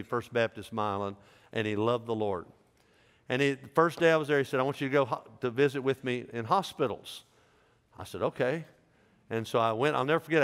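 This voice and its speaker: Man, middle-aged pastor, folksy joking sermon, ordinary pitch, big reverberant church hall. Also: clean tone. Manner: folksy, joking, conversational preaching. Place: large church sanctuary.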